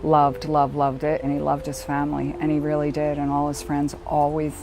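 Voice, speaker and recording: Low, gravelly-voiced middle-aged woman. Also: monotone, noisy background. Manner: halting, reflective storytelling with pauses. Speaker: bereaved mother. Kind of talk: personal documentary testimony. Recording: music playing underneath. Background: soft background music.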